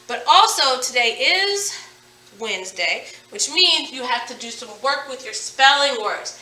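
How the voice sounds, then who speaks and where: A high-pitched young woman teaching phonics to young kids with bright, upbeat energy, drawing out sounds slowly and clearly. Her very bright voice carries in an echoey room, a little away from the mic. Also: distant mic. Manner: upbeat, animated, stretching words to model sounds. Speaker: elementary school teacher. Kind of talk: recorded phonics lesson for young students.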